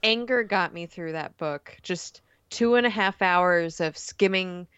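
A woman's voice: on the low side, unhurried, smooth, no room sound. Laughing woman podcast guest, dull mic. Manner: laughing, ranting, animated storytelling. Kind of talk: casual podcast chat.

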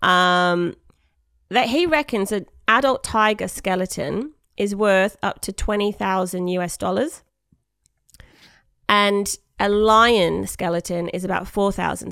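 A woman's voice: on the low side, vocal fry, fairly bright tone, no room sound, clean studio sound. A woman hosting a casual podcast chat, retelling a news story and often breaking into giggles. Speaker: podcast host.

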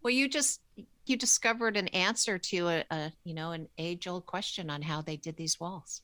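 Bright-voiced woman host reacting. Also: on the low side, normal speed, dry recording. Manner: brief reactions. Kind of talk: casual interview.

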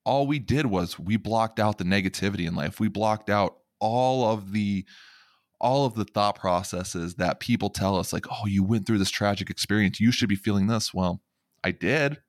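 A middle-aged man with a very low voice talks on a podcast in an earnest, reflective way, often repeating his words as he goes. The recording is close and completely dry. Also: moderate pace, no echo. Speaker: podcast host. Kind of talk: emotional conversational podcast talk.

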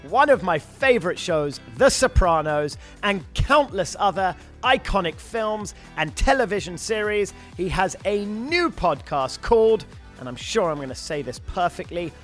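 High-voiced upbeat male podcast host. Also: a bit bright. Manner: upbeat and casual, with swearing and slang like "man". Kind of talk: podcast interview hosting.

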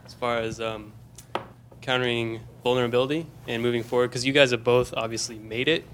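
A young man in the audience asking a question in a hesitant, halting way. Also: medium pitch, flat delivery, a bit bright, slight background noise. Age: young adult.

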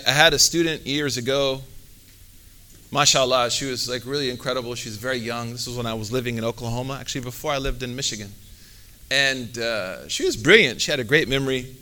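A man's voice: medium pitch, bright, forceful tone. A man, an Islamic teacher, giving a conversational religious talk, full of fillers and sprinkled with Arabic phrases.

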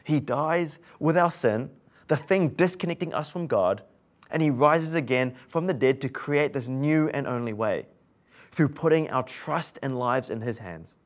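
A man's voice: mid-range voice, expressive, unhurried. A man, preaching an earnest sermon full of rhetorical questions to his listeners.

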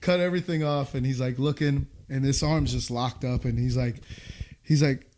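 Man, 30s, from the US, casual storytelling, animated, warm mellow tone. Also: mid-range voice, normal speed. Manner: animated, acts out quoted voices, laughs while telling. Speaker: guest telling a war story.

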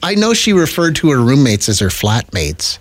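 Middle-aged male co-host, expressive and bouncy in pitch, easy laugher. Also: moderate pace. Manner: animated, chatty storyteller who laughs easily. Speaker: radio and podcast co-host. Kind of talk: casual banter.

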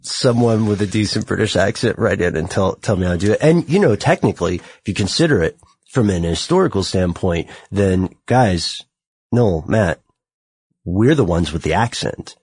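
Deep husky American man, podcast host. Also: expressive, normal speed, a little mellow, dry recording. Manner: thoughtful, turns self-mocking in banter. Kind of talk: podcast conversation.

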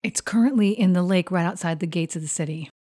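A woman voicing a resolute young adventurer, speaking earnestly in a lowered, careful voice. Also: fast talker, warm tone, close to an everyday voice.

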